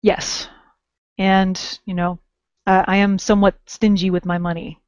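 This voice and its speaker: A woman's voice: medium pitch, level tone, a little slow, dry recording. A woman co-hosting a podcast in casual chat, wry and self-mocking as she explains crafting tips. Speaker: podcast co-host. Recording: dull lo-fi dry podcast audio.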